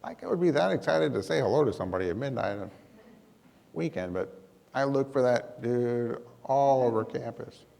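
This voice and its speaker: Gravelly man telling a funny story. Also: medium pitch, moderate pace, in a large hall. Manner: lively, self-deprecating, with comic timing. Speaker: emergency manager giving a talk. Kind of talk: humorous personal storytelling to an audience.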